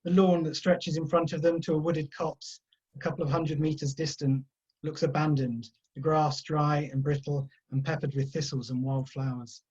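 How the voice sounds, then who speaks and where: A man, an author, reading his own crime fiction aloud at an unhurried pace over a video call. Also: a little high, flat delivery, darkish tone, slightly rough. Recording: dull lo-fi video call audio.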